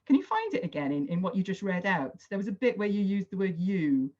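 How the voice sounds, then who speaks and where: A woman's voice: medium pitch, big pitch swings, fairly quick, darkish tone. A woman facilitating an online workshop on a video call, chatty and encouraging, with lots of "sort of" hedges. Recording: dull lo-fi video call audio.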